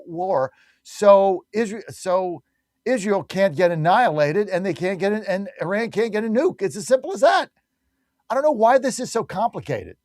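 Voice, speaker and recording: A man with a high-sitting voice hosts a talk radio show, recorded in a clean studio with no echo. He delivers an emphatic, combative monologue packed with repetition.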